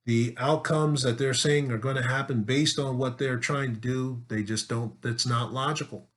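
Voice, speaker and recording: A male political commentator speaking straight to his audience in an insistent opinion monologue. He is forceful and emphatic, stumbling over repeated words and firing off rhetorical questions. His voice sits at a middle pitch for a man. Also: steady tone, normal speed.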